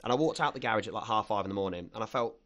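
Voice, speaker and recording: A man's voice: lowish voice, racing, a bit bright. A man hosting a podcast, talking earnestly and reflectively in casual chat. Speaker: podcast host.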